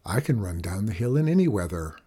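A dutiful female yak from a storybook, as a man puts her on. Her voice is low, hushed and breathy. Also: big pitch swings, brisk. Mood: steady. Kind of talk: storybook reading.

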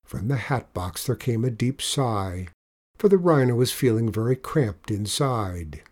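A man narrating a children's storybook aloud in a gentle, measured way. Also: mid-range voice, lively intonation. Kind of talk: storybook reading.

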